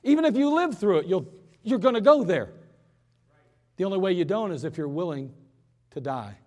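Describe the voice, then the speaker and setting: A man preaching an impassioned sermon in a church, swinging between loud urgent pleas and quiet hushed moments. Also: high-pitched, animated, moderate pace, big-room sound. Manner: impassioned preaching, rising and falling in force. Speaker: pastor.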